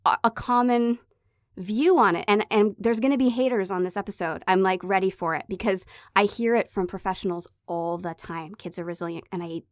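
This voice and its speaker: A woman's voice: mid-range voice, brisk, no echo, studio quality. Impassioned woman podcast host. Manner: impassioned, emphatic, pleading. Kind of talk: casual podcast chat.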